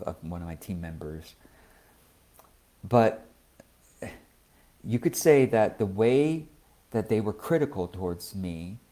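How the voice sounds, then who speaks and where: A man giving a gentle, thoughtful talk as a spiritual teacher, often checking in with the listener. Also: low voice. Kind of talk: reflective personal talk.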